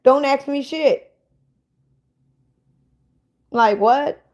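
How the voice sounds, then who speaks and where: A woman's voice: high-pitched, drawn-out words, darkish tone. A woman hosting a casual livestream, bluntly ranting and swearing at viewers in the chat. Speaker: livestream host.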